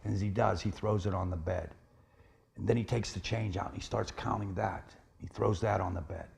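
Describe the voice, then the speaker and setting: A man's voice: on the low side, fairly even intonation, normal speed, creaky, darkish tone, husky. A man retelling a film plot in a casual, plain way, with frequent "he says" and "she says" tags. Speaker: storyteller pitching a film plot. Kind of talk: casual spoken film pitch.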